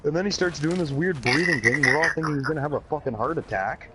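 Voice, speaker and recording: A man's voice: fairly high pitch, fast talker. Profane Canadian guy telling a story. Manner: profane, rambling, laid-back. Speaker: YouTuber. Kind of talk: casual storytelling. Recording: loud background noise.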